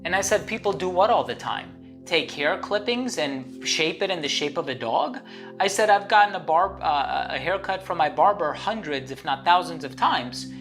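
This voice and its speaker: A woman's voice: sits low, animated, normal speed, a bit bright. A woman hosting her own channel, telling a story to the camera in a chatty, rambling way, full of fillers and restarts. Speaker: channel host. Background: guitar music.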